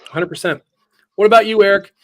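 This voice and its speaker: A man's voice: sits high, a little fast, a bit bright. A man hosting a talk show, telling stories in a blunt, joking way. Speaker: show host. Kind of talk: casual chat.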